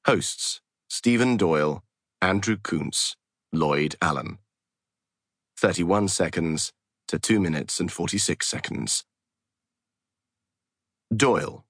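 Deep, slow male audiobook narrator. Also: fairly bright tone, dry recording, clean studio sound. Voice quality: measured, formal reading. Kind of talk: scripted narration.

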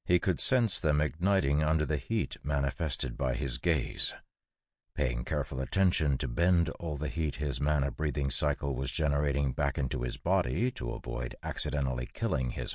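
A man narrating a fantasy audiobook in a measured, steady storytelling manner, recorded in a studio booth. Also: a bass voice, no echo.

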